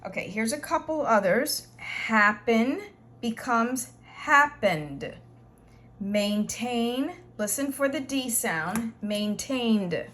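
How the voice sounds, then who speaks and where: Slow, patient woman teaching English. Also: fairly high pitch, animated, a bit bright. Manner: patient, slow explaining with repeated examples. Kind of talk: grammar lesson.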